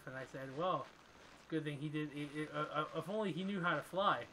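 An excitable young man chats casually while playing a video game with a buddy. His voice sits a little high and he bursts out cursing when things go wrong. A steady noisy hiss runs under the recording. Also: fast. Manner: excitable, swears loudly at the game. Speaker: let's play host. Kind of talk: casual gaming chat.

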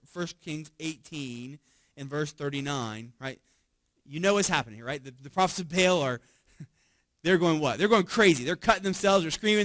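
A man preaching a sermon as a pastor, conversational and animated, often chuckling and checking in with his listeners. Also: a little high, no echo. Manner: conversational, tags lines with "right?" and chuckles often; animated storytelling with frequent restarts.

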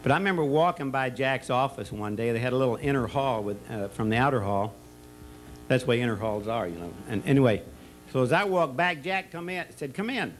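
A man's voice: mid-range voice, lively intonation, a little fast, a little hiss or hum, low-quality recording. A man giving a folksy, rambling speech at a retirement party. He tells stories and jokes about a former school colleague and often stops to restart his sentences. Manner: rambling storyteller who tells jokes with many restarts and fillers. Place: party or banquet room.

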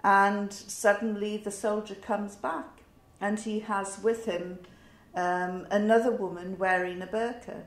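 Slow-talking northern English woman. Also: medium pitch, little pitch movement. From north of England. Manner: reflective, wry, with fillers and pauses. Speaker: interviewee. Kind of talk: telling a personal story. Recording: roomy echo.

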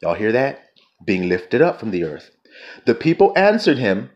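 A man preaching a fervent sermon, reading scripture slowly and firing questions at his listeners. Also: medium pitch, wildly swooping pitch, highs cut off. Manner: fervent, questioning the audience, drawn-out quotes.

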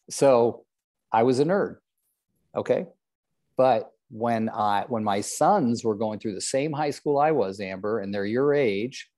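Older man, real estate coach, mellow warm voice, joking, self-deprecating, group coaching session. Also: medium pitch. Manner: joking, self-deprecating, calls on trainees by name.

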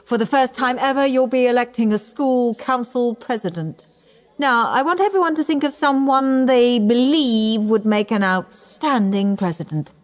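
A woman's voice: on the high side, voice pushed up, lightly acted. A woman reading a storybook, voicing a stern and strict woman schoolteacher with a cold, bossy manner. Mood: prim.

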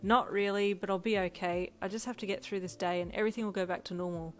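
A woman's voice: mid-range voice, fairly even intonation, quick pace, soft background music, lightly acted. A woman voicing a polite, flustered young woman stuck in a teenage boy's body, trying to act tough.

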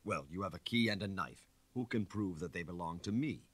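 A man reading aloud, voicing a frightened male suspect who tries to sound indifferent, quiet and defensive. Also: deep voice, lively intonation, fairly quick, slightly rough, dry recording, exaggerated voice.

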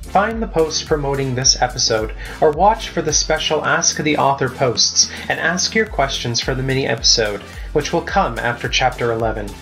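A man narrates his own storybook in a measured, even manner at an average pitch. Faint music plays softly behind him. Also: poor audio. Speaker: author reading his novel.

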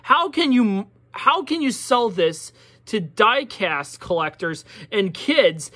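A woman with a Pittsburgh accent giving a profane, exasperated product review, sliding from low muttering into loud outbursts. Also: sing-song, slow pace. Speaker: diecast collector reviewer.

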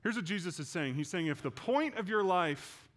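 A man's voice: high voice, normal speed. A man preaching a sermon as a pastor, telling Bible stories with energy and acting out the voices of the characters. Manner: animated storytelling preacher, acts out voices of biblical characters. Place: church.

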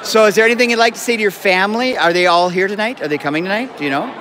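Chatty joking guy with a high voice livestreaming a school dance, lots of crowd noise. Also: rapid-fire, sharp tone. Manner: upbeat, joking, often apologizing. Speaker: event host live streaming. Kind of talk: roving live-stream chat with students. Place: school gym with a crowd, indoors.

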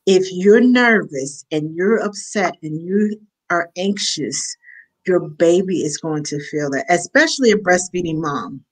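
A woman's voice: lowish voice, measured pace. Chatty woman hosting an interview. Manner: lively, acts out quoted voices. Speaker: host and nanny. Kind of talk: casual interview chat.

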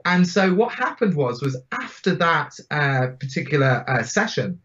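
A fairly high-pitched man in his forties tells his stories with animated emphasis. His voice comes through a dull, lo-fi recording. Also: moderate pace. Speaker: guest speaker. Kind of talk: storytelling interview. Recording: dull lo-fi sound.

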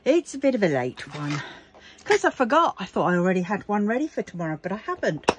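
A woman's voice: fairly low pitch, big pitch swings, quick pace, background noise. A tired woman chatting casually as she works on a craft project at home, grumbling and joking to herself. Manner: chatty, self-mocking, grumbling asides. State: tired, yawning. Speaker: crafting vlogger. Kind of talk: casual chat while crafting.

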